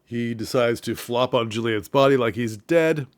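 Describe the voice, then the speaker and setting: Man, casual film recap, chuckling, animated, middle-pitched voice. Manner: animated retelling, quick falsetto bits for quoted characters; chuckles through the telling. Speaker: theatre commentator.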